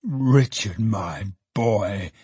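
A man reading an audiobook, voicing an excitable older father who fusses fondly over his family. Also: lowish voice, drawn-out words, husky, no echo, heavily acted. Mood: overjoyed. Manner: excited, fond and laughing.

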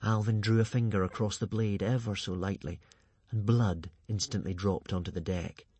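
A man narrating a children's storybook aloud in an expressive, lively way. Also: fairly low pitch, moderate pace, husky, no echo. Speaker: audiobook reader.

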